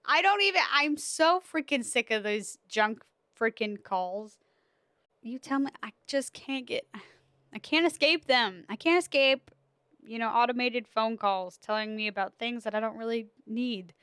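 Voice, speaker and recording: A woman's voice: on the high side, fairly bright tone, smooth, no room sound, clean studio sound. A young woman hosting a podcast, telling stories in casual chat with lots of laughs and fillers. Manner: chatty storytelling with frequent laughs and fillers. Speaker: podcast host.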